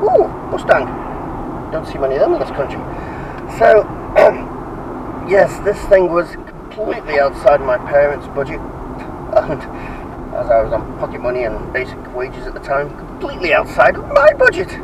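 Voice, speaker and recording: A man's voice: on the high side, huge pitch swings, moderate pace, recorded from a distance. A man, chatting casually and jokily to camera while driving, rambling with plenty of fillers. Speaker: vlogger. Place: inside a moving car. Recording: loud road noise, mic away from the speaker. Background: car engine and road noise.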